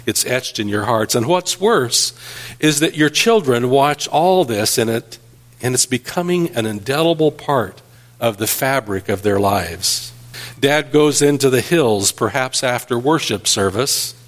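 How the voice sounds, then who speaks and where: A man's voice: medium pitch, expressive, unhurried, fairly bright tone. A man preaching an earnest sermon as pastor, telling stories and building emphasis.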